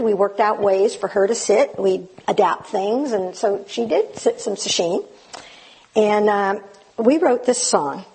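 A woman giving informal, hesitant remarks to a live Zen group, gently poking fun at herself. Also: medium pitch, vocal fry, husky, poor audio. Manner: self-deprecating, gently humorous; hesitant, with restarts. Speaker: speaker at a Zen community gathering.

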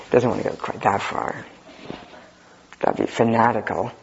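A man teaching as a Zen teacher, giving a talk with dry humor and an unhurried manner. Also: on the low side, little pitch movement, creaky, a little hiss or hum. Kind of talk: dharma talk reading and commenting. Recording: dull lo-fi recording.

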